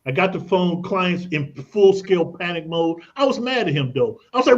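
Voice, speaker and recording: Radio guest: emphatic man, fairly high voice, slightly dull radio sound, talks like he's telling stories. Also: animated, moderate pace. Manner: emphatic, tells anecdotes, repeats "look at this". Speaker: credit expert guest. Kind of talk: radio interview, lively explaining.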